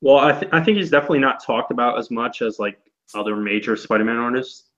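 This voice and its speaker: A man co-hosting a casual comic book podcast, talking in a relaxed, rambling way with lots of fillers. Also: medium pitch, quick pace, highs cut off. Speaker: podcast co-host.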